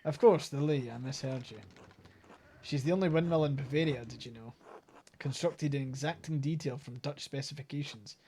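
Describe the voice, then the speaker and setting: A Scottish man voicing a pompous, proud male miller who talks down to people in a slow, drawn-out way. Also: medium pitch, warm tone, a little hiss or hum, natural voice. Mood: haughty. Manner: haughty, condescending, slow and drawn out.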